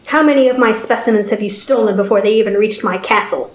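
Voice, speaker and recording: A woman's voice: mid-range voice, fast talker, close to an everyday voice. Casting: haughty mad-scientist baron, as a woman narrator puts him on, bossy and cold, echoey room. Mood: arrogant. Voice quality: haughty and commanding. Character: arrogant, domineering male baron scientist. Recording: roomy echo.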